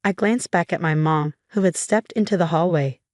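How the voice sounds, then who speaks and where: A young adult woman narrating a dramatic first-person story in a steady, scripted way. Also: lowish voice, normal speed, no echo, studio quality.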